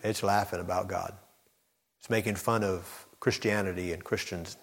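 A man's voice: low voice, fairly even intonation, moderate pace. A male preacher giving a sermon, addressing the congregation directly with emphatic, building intensity. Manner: preaching with surging intensity, rising to near-shouted emphasis. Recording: long hall reverb.

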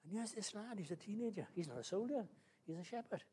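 Male preacher, fairly high voice, exclamatory storytelling, swings between loud and soft. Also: lively intonation, fast, background noise. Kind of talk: sermon.

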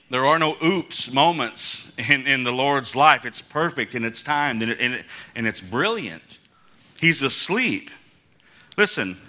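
A man's voice: on the high side, sharp tone. A man preaching a casual, conversational sermon as pastor, chuckling between points and acting out the quotes in his story.

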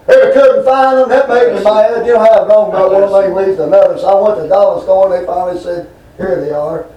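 A man's voice: high voice, steady tone, a little fast, far from the mic, dull audio. A man preaching a folksy, rambling sermon full of homespun stories and asides to his congregation. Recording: roomy hall, voice from off mic.

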